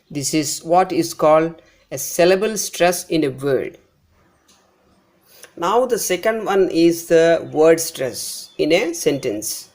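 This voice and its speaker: Man, higher voice, Indian English accent, teacher, pronunciation lesson, patient, repeats example words. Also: lively intonation, unhurried, a little mellow.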